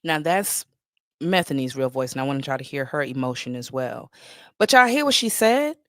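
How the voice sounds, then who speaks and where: A woman's voice: a bass voice, expressive, moderate pace, a bit bright, dry recording, studio quality. A woman hosting a live-stream gossip commentary in a sassy, mocking way, full of slang. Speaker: livestream commentator.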